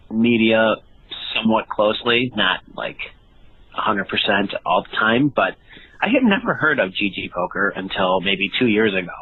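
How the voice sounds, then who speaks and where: A man leaving a hesitant, measured voicemail question for a podcast, with many pauses and ums. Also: lowish voice, slightly rough. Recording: tinny phone line.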